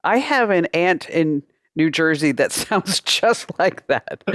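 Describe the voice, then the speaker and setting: A woman's voice: fairly low pitch, expressive, slow pace, no room sound, studio quality. A woman podcast host chatting casually and laughing easily. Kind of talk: casual interview chat.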